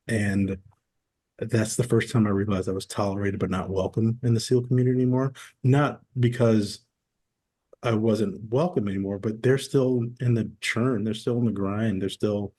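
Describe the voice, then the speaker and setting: Man in his forties, husky voice, dark and mellow tone, relaxed storyteller on a podcast. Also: on the low side, moderate pace. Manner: relaxed storyteller who acts out quoted dialogue. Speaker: podcast guest, former military. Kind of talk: casual interview storytelling.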